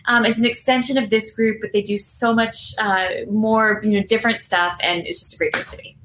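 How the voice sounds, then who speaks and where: A woman co-hosting an online book show over a video call, talking in an animated way with rambling fillers. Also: on the high side, brisk, a little hiss or hum, rough recording. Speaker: co-host. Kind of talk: casual chat.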